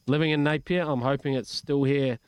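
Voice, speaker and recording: A man's voice: medium pitch, fairly even intonation, brisk, clean tone, no echo. A man with a New Zealand accent hosting breakfast sports radio, upbeat and reading out listener messages. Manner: upbeat, reads listener texts. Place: radio studio.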